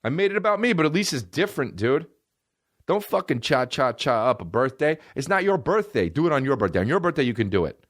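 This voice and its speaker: Lively, profane man on a podcast. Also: mid-range voice, quick pace, dry recording, clean studio sound. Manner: animated, profane, mimics people in mocking voices. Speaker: podcast host. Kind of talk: casual comedic rant.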